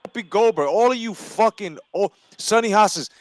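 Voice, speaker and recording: A man's higher-pitched voice tears into a profane, heated rant. The sound is dry and close, with no room around it, and he rolls from one crude jab to the next. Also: normal speed, dry recording. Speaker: podcast co-host. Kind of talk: crude ranting chat.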